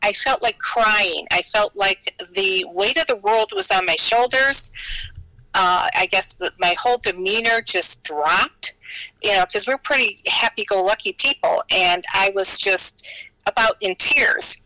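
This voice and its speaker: A woman's voice: mid-range voice, measured pace, pushed and bright, dry recording, poor audio. An American woman, a podcast guest, telling her stories in a chatty, rambling way full of fillers and restarts. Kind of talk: casual storytelling in an interview.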